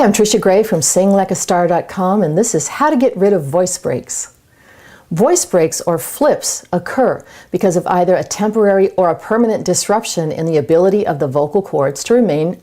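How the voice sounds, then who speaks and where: A woman vocal coach explaining voice breaks in a clear, measured way and demonstrating singing exercises. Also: fairly low pitch, mellow. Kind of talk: instructional voice lesson.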